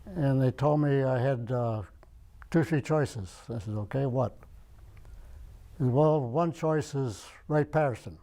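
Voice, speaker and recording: A man's voice: mid-range voice, measured pace, dark tone. An older man from Michigan, an interviewee in an oral history interview, rambling and searching his memory aloud. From Michigan, United States. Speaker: veteran interviewee.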